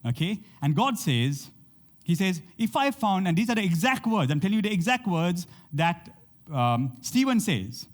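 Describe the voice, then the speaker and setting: A man's voice: high-pitched, sing-song, normal speed. A man preaching a sermon to a congregation, reading scripture aloud and often checking in with "okay?". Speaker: pastor.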